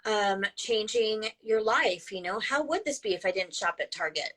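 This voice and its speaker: A woman's voice: mid-range voice, normal speed, fairly bright tone. A woman co-hosting a casual online chat, agreeing often and thinking things through aloud. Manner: agreeing, reflective, adds her own points.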